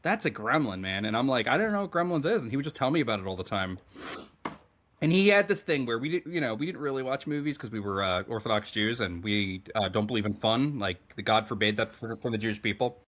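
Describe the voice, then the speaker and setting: A man co-hosting a podcast in casual chat, animated and rambling, swearing freely. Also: on the low side, fast. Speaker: podcast co-host.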